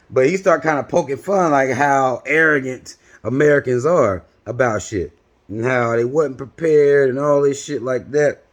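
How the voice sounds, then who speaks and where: Man, 30s, mid-pitched, blunt foul-mouthed storyteller, rambling vlog rant. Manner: blunt, heavy swearing, rambling with restarts; heavy swearing. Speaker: vlogger.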